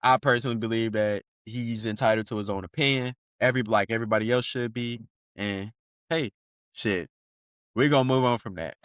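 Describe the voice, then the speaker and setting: A man's voice: medium pitch, a bit bright, no room sound, studio quality. A man hosting a podcast, riffing in casual slang-heavy commentary and laughing often. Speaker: podcast host.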